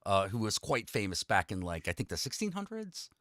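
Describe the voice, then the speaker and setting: Chatty man on a casual talk show, dry close sound, bright and lively. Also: fairly low pitch, brisk, no room sound. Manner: lively, chatty, lots of "you know" and "um". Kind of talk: casual podcast chat.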